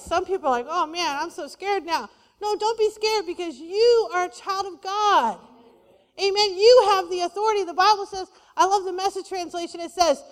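A woman pastor preaching a sermon, lively and conversational, with playful asides to the congregation. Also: very high-pitched. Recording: long hall reverb.

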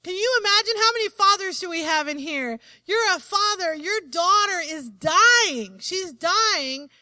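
Female preacher, very high forceful voice, emphatic sermon delivery, call-and-response. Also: animated, moderate pace, dry recording. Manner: emphatic, asks the congregation for "Amen?".

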